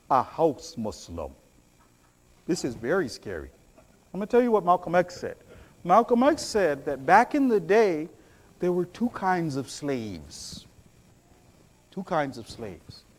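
A man preaching a sermon, telling stories with animated swings between loud bursts and low hushed asides.

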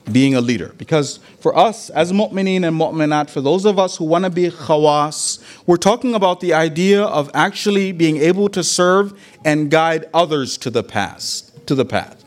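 A man with a high, very lively voice delivers a sermon. He retells a story vividly, acting out the quoted lines, and drops in Arabic religious phrases as he speaks. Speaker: religious lecturer.

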